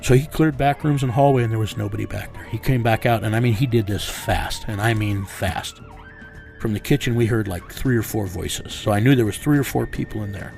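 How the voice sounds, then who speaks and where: Gravelly, low-voiced man telling a story. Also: a little mellow. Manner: blunt, matter-of-fact storytelling. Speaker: interview subject recounting events. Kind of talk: storytelling interview.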